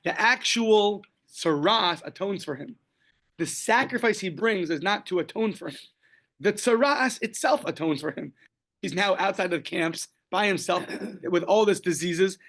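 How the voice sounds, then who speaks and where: Gravelly high-voiced rabbi teaching Talmud. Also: male voice, lively intonation, normal speed, a bit bright. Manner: explains step by step, quoting Aramaic and Hebrew phrases; casual, joking asides. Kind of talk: daily Talmud class.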